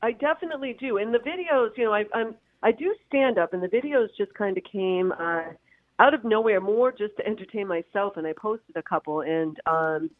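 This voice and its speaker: A woman's voice: mid-range voice, fairly quick, dry recording. Woman chatting over a tinny phone line. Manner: rambling, lots of fillers, laughs often. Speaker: comedian guest. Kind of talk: phone-in interview.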